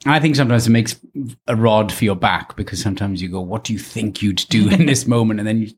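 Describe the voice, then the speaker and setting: A man with a Welsh accent, an actor who directs, chatting casually in an interview and mocking himself as he acts out quotes in high voices. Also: fast, breathy edge.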